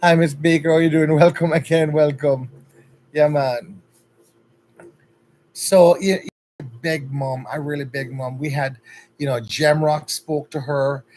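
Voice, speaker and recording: A man's voice: on the high side, fairly even intonation, unhurried, pauses often, a little mellow, a little hiss or hum, rough recording. A man with a Jamaican accent hosting a casual livestream, chatty and upbeat, greeting viewers one by one by name. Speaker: livestream host.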